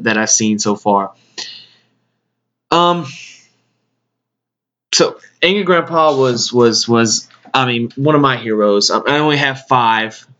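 A man hosting a podcast, speaking a casual tribute monologue in a halting way, often repeating his words. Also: medium pitch, a bit bright. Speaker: podcast host. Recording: dull lo-fi sound.

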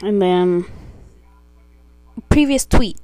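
A woman's voice: medium pitch, animated, extremely slow, dark tone, smooth, dry recording. A teenage girl talking in a brash, profane, indignant rant on her own casual vlog. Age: teens. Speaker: podcast vlogger. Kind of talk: casual ranting monologue.

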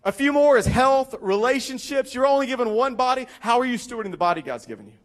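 A young male pastor preaching a sermon, telling a story with lively acted-out quotes and emphatic repetition. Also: very high voice, quick pace. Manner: animated, acts out quoted voices, repeats for emphasis.

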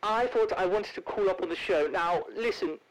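A man performs a comic impression of a plummy, affected older English actress, a celebrity caller in a comedy bit who calls everyone darling with grand plumminess. His high voice is pitched above his own yet sounds natural, at normal speed, and the audio is poor.

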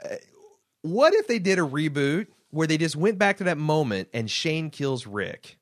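Man, podcast co-host, lively swooping delivery, loose and profane, reads mail aloud. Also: on the high side, normal speed. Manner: animated, swears freely, reads listener emails aloud. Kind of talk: casual chat.

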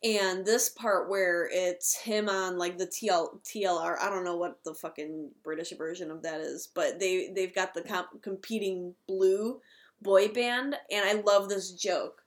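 A woman's voice: fairly low pitch, fairly even intonation, a little slow. A woman co-hosting a casual movie discussion, blunt and opinionated, swearing freely. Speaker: podcast co-host.

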